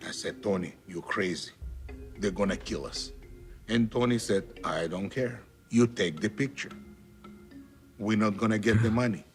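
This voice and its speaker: A man's voice: fairly low pitch, normal speed. Matter-of-fact man in a documentary interview. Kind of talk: storytelling interview. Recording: faint music under voice.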